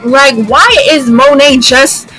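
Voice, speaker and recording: A young woman vents to her viewers in an exasperated vlog rant, often saying a line twice for emphasis. Her voice sits fairly high and sounds bright and sharp, with soft music playing faintly behind her. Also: steady tone, takes it slowly, some chatter behind, low-quality recording. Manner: exasperated, repeats lines for emphasis. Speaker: YouTuber.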